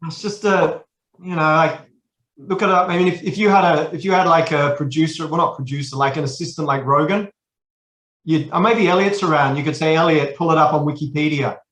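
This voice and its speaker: A man's voice: a little high, fairly even intonation, fairly quick, fairly bright tone, reverberant. An Australian man in his forties, a podcast guest, talking casually and rambling with many restarts. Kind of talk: casual chat.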